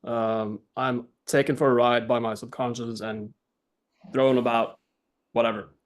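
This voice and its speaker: A man's voice: medium pitch, little pitch movement, a little slow. Man, group participant, online call, careful, thorough, hesitant. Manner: careful, thorough, searching for words. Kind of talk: casual group dialogue.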